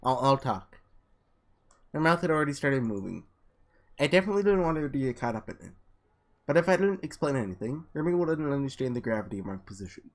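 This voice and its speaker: A man with a slightly hoarse, under-the-weather voice reads a visual novel aloud with casual asides, sometimes tripping over and restarting words. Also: mid-range voice, big pitch swings, quick pace. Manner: casual, trips and restarts words while reading. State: voice a little sick, slightly hoarse. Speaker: let's player.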